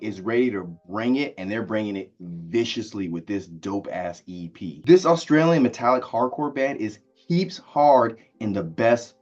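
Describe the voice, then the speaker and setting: Man, casual music reviewer, enthusiastic, filler-heavy, lowish voice, dull recording. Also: a little mellow. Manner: enthusiastic, lots of likes and uhs. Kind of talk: casual video album review.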